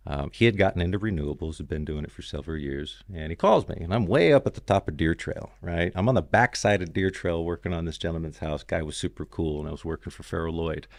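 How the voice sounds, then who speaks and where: A deep-voiced man guests on a podcast, telling his story fast and loosely with hardly any pauses. He rambles, peppering it with "you know" and "man," and the sound has no echo.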